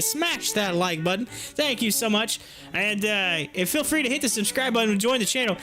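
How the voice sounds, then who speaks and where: A young man with a strikingly high, bouncing voice hosts a live stream, excitable and quick to laugh. His tone is bright and forward, and a little music plays faintly behind him. He keeps it loose, casual and joking. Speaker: livestream host.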